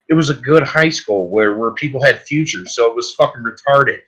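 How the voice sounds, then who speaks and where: A man's voice: medium pitch, animated, fairly quick, hardly any pauses, fairly bright tone, breathy edge, rough recording. A man hosting a solo podcast, delivering a rambling, crude comic rant full of swearing. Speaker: podcast host.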